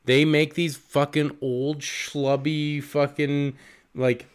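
A young man co-hosting a casual movie podcast. He talks excitedly, swears often and fills his talk with "like". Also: fairly high pitch, takes it slowly, smooth. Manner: excitable, swears a lot, lots of "like". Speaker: podcast co-host. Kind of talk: casual movie review chat.

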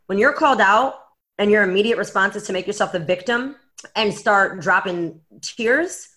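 A woman's voice: medium pitch, moderate pace, bright, forceful tone. A woman co-hosting a podcast in casual chat, blunt and emphatic, swearing now and then. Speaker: podcast co-host.

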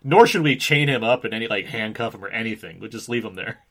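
Male podcast host, thirties, casual film talk. Swoops all over his pitch, breaks into laughs and acts out lines. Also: quick pace. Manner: animated, laughs often, acts out quotes.

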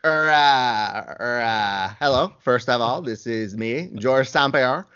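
A man voicing a goofy French-Canadian male fighter, halting and full of hesitations, with a put-on French-Canadian accent. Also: medium pitch, a bit bright, clean tone, no echo, highs cut off.

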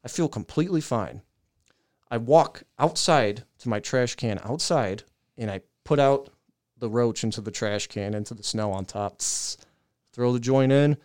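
A young man with a smooth, resonant voice in the middle pitch range spins a rambling, swear-laden story for his podcast co-hosts. He talks casually and laughs at himself along the way. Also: measured pace. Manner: profane, animated storytelling with laughs. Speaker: podcast co-host.

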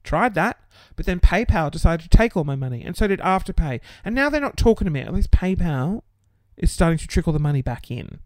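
A man's voice: sits high, big pitch swings, fairly quick, hardly any pauses, a little mellow, dry recording. A man venting in a casual vlog, exasperated and sweary, laughing through his frustration. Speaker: small business owner.

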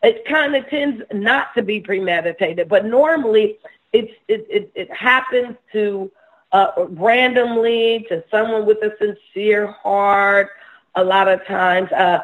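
A woman preaches a sermon in a halting way, repeating words and starting her sentences over. Her voice sits at a middle pitch and comes through a thin, phone-like sound. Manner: halting, repeats words and restarts, laughs softly between points.

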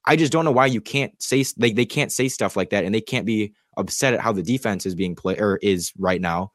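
A man's voice: on the low side, a little fast, no echo, studio quality. A man co-hosting a sports talk show, arguing his point in a casual, incredulous way with plenty of fillers. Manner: conversational, incredulous, many fillers. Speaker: sports radio co-host.

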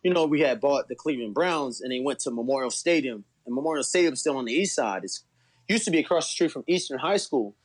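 A Baltimore man with a local Baltimore accent appears as an eager guest fan on a casual sports podcast, talkative and enthusiastic, saying "bro." He talks fast in a husky, expressive, mid-range voice.

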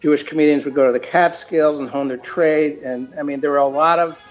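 A man's voice: a little high, steady tone, a little fast. A man talking casually as an interview guest, often restarting his sentences. The audio is a bit dull, with faint music behind. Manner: rambling, many restarts. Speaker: guest, cartoon creator.

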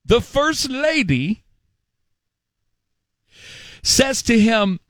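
A man's voice: very high-pitched, sing-song, drawn-out words, a bit bright, dry recording. A man hosting a talk radio show, mocking and repetitive as he hectors his listeners, speaking from a studio mic. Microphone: studio microphone.

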